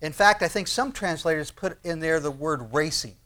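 A pastor with a slightly high voice preaches at a moderate pace. His sermon is conversational and animated, with prayers acted out and rhetorical questions posed.

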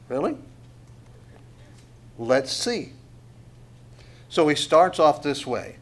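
A man's voice: a little high, sing-song, drawn-out words, pauses often. A middle-aged man teaching a Bible passage verse by verse, talking conversationally, asking rhetorical questions and leaning hard on key words. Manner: conversational, asks rhetorical questions, dynamic emphasis.

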